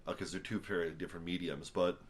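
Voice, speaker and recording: A young American man with a deep, low voice talks into a camera on a tripod at home. He sounds worn out after a long day and rambles in a loose, casual way, with many ums and restarts and dry asides. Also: level tone, fast talker. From United States. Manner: rambling, full of fillers and restarts, wry asides. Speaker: vlogger reviewing a book. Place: at home indoors.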